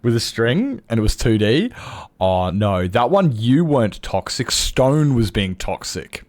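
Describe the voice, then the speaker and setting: Aussie guy chatting while he games, tells stories and does the other people's lines, keeps chuckling and restarting, middle pitch. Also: unhurried. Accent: Australian. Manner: animated storyteller who acts out customers' lines; frequent chuckles and self-interruptions. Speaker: game streamer. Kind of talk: casual chat while gaming.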